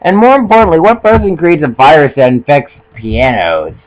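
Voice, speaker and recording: A young man offers casual, joking commentary while playing a video game, often tripping over his words and mocking himself. His voice is on the high side and expressive, at a moderate pace, and the recording sounds muffled.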